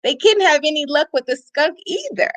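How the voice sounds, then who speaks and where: A middle-aged woman reading a picture book aloud to children, slow and expressive, pointing out the pictures. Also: sits high. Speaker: storyteller.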